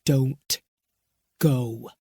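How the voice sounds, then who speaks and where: A woman voicing a tense man who speaks low, hard and clipped. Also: steady tone, very slow, warm tone, slightly rough, no room sound, heavily acted. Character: tense, curt adult man.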